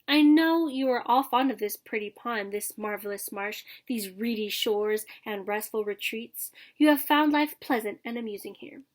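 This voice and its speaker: A woman's voice: on the high side, close to an everyday voice. A woman reading as a grand old father swan. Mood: stately. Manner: slow, grand, flowery delivery. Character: stately old male trumpeter swan father, grand and formal. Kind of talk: storybook reading aloud.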